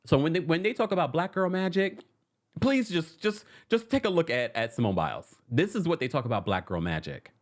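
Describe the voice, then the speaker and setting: Animated, dramatic pop culture host. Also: mid-range voice, fairly quick. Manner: dramatic and animated, laughs often. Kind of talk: casual pop culture commentary.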